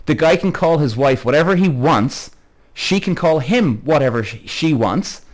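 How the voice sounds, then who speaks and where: A podcast host with a fairly high, expressive voice speaks at a moderate pace on a live stream. Chatty and rambling, he reads out viewer comments, greets people by name, and swears freely as he gets heated.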